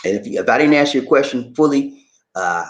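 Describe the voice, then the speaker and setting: A man from the United States hosts a live stream in a relaxed, folksy way, reading viewers' comments aloud and looping back over his own phrases. His voice sits at an ordinary middle pitch for a man. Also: brisk, lo-fi sound. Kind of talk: casual live chat answering viewers.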